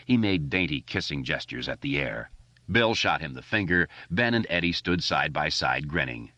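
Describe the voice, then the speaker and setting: Deep-voiced man reading an audiobook. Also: normal speed, no echo. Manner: expressive, steady reading. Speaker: audiobook narrator. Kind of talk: scripted narration. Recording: dry, dull lo-fi recording.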